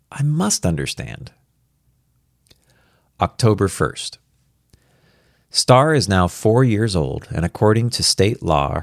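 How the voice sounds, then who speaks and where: Man, low voice, lively and varied pitch, earnest reflective audiobook narration, dry close sound. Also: dry recording. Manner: earnest, reflective, quietly anxious. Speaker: narrator as a worried father. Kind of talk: audiobook reading of a first-person story.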